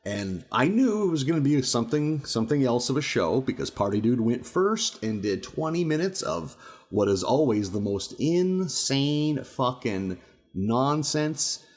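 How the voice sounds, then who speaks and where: A man co-hosting a podcast, a stand-up comic telling a profane, animated story in casual chat, often laughing. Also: mid-range voice, measured pace.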